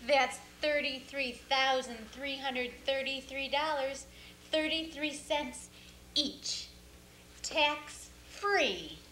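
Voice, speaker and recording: A woman plays a sharp-tongued, sarcastic accountant with a high, bright voice. The stage recording sounds roomy with faint hiss. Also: slow, full character voice. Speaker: community theater actor. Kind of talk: stage play acting.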